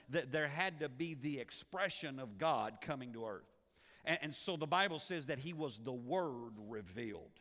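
Animated preacher in a reverberant hall. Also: male voice, fairly high pitch. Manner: animated, repeats words as he builds a point. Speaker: pastor. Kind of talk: sermon.

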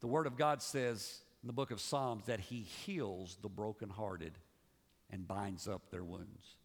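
A male pastor preaching a sermon, swinging between raised, emphatic passages and hushed, low ones. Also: measured pace, slightly rough. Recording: long reverb of a large hall.

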